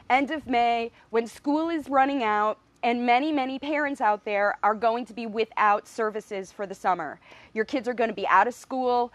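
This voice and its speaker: A woman's voice: fairly high pitch, dry recording. Earnest middle-aged woman, emotional live stream. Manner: earnest, emotional, laughing often. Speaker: speech pathologist hosting a live video. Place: standing outside by a window.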